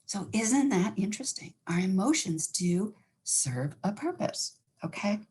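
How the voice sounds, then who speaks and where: Fast-talking woman counselor, super husky breathy voice, lots of up and down. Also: mid-range voice. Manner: fast-talking, animated, acts out inner thoughts. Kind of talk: educational talk.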